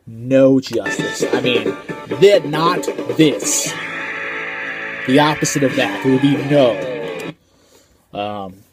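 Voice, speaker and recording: Casual male movie reviewer, slangy and rambling, lowish voice, dry recording. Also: a little mellow, no room sound. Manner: slangy, rambling, lots of filler ums.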